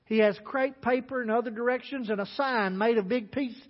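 A pastor tells a sermon story in an animated way, acting out the voices. His voice is very high for a man. A dull, lo-fi recording carries a long reverb from a church sanctuary. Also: fairly quick.

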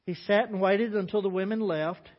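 A pastor tells a sermon story in an animated way, acting out the voices. His voice is very high for a man. A dull, lo-fi recording carries a long reverb from a church sanctuary. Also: moderate pace.

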